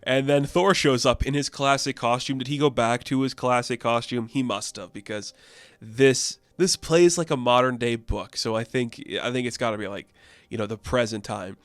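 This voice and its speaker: Loose and filler-heavy, a chatty guy wanders through a laid-back review of a comic book. He speaks at a moderate pace in a smooth, clear, mid-range voice that's a bit bright, captured close-miked and dry with no room sound.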